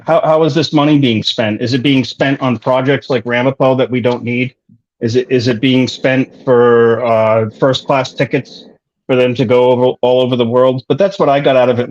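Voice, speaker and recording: A man's voice: mid-range voice, a little mellow, dull audio. A man co-hosting a casual commentary chat, talking in an indignant, rambling way with many restarts. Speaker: co-host.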